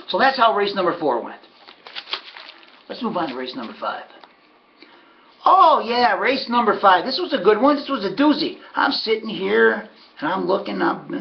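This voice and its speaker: A man's voice: sits high, gravelly, muffled recording, a little hiss or hum. A man giving a casual, folksy recap of his race picks, sardonic and talking to himself about his bets. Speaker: harness racing handicapper.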